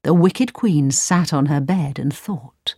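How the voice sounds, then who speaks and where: A woman narrating a storybook in a slow, clear, expressive reading. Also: sits low, no room sound, clean studio sound. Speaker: audiobook narrator.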